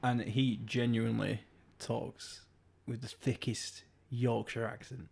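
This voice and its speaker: A man in his middle pitch range co-hosting a podcast. He chats easily, laughs a lot and drops in quick jokes. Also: little pitch movement, gravelly, darkish tone, husky. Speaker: podcast co-host. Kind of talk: casual chat.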